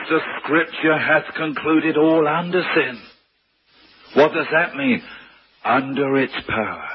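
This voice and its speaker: A man's voice: a little high, dull audio, slight background noise. A man from preaching a sermon, asking rhetorical questions and rising to emphatic peaks. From London.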